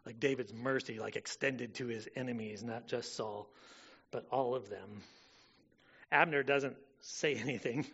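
A man preaching a sermon in a casual way, full of fillers, rising loud and dropping soft. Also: mid-range voice, fairly even intonation, measured pace, vocal fry, husky, dull audio. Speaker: pastor.

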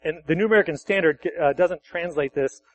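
Preaching at a church service, this pastor keeps things conversational, fixing his own wording and asking the congregation questions. He has a fairly high-pitched male voice and a brisk delivery.

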